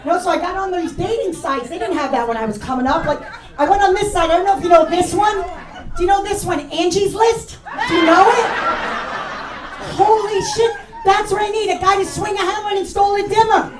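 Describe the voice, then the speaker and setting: A woman's voice: very high voice, fairly quick. A middle-aged woman with a New York accent doing a profane, mocking stand-up comedy set in a club. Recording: echoey room mic heard from a distance, crowd laughter. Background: audience laughing.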